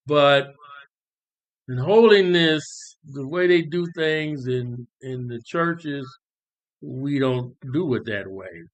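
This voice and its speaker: A man's voice: mid-range voice, lively intonation, takes it slowly. A man hosting a casual talk podcast, musing with laughing asides. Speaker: podcast host.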